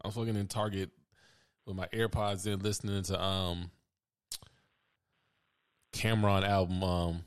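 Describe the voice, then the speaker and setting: A man's voice: deep voice, flat delivery, measured pace, long pauses, smooth. A young adult man co-hosting a casual chat, telling stories with a laid-back, laughing, profane manner. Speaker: podcast co-host.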